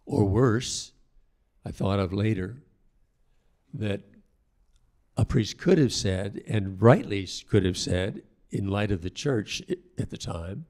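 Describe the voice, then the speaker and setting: This is an older male priest with a low, gravelly voice and a dark, mellow tone. He tells his stories slowly and reflectively, often breaking off and starting a sentence again. He acts out the voices of the people he quotes. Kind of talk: storytelling talk.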